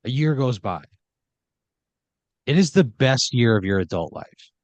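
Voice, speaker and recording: A man's voice: medium pitch, expressive, measured pace, dry recording. Man improvising horror comedy, dry sound. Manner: second-person narration with frequent "like" fillers. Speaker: podcast host, storyteller.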